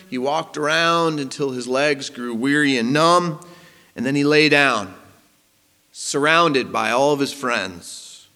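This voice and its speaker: A man preaching a sermon as pastor, animated and rising to emphasis. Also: fairly high pitch. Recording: long hall reverb.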